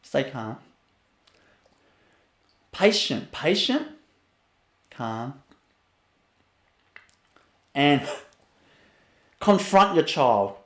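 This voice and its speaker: A man giving a spiritual webinar talk, laughing often between phrases and sinking to a soft low voice to show calm. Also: very slow, long pauses, reverberant. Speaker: spiritual teacher.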